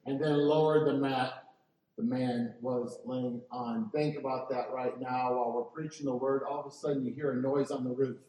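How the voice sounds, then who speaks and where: A man preaching a sermon as pastor, animated and asking the congregation to answer back. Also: fairly high pitch. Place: church sanctuary. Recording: echoey hall, mic from a distance.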